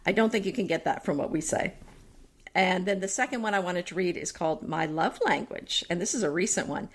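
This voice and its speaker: A woman's voice: fairly low pitch, brisk, slightly rough. Chatty woman co-hosting a decorating podcast. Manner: bubbly, reads listener reviews aloud. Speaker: podcast co-host. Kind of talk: casual chat.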